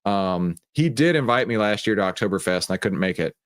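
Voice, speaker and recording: This Texan livestream host, voice on the low side with lively intonation, speaks briskly. He's relaxed and joking, calling out chat viewers by name.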